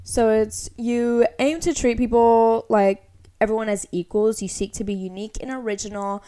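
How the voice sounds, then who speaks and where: A woman's voice: fairly high pitch, fairly even intonation, normal speed, mellow. Chatty young woman, filler-heavy. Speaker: podcast co-host. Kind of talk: casual chat, reading an astrology chart aloud.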